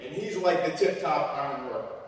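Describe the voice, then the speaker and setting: A man in his forties from Louisiana tells a humorous story with a preacher's cadence. His slightly high voice rings through a big, echoey hall, picked up from far off. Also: animated, a little fast. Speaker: guest speaker. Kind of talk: sermon-like storytelling talk.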